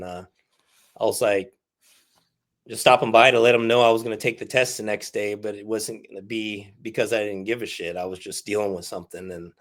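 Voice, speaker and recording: Frank, cursing veteran man telling his story. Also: fairly low pitch. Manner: frank and profane, laughs through hard stories. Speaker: podcast guest, army veteran. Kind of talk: candid interview storytelling.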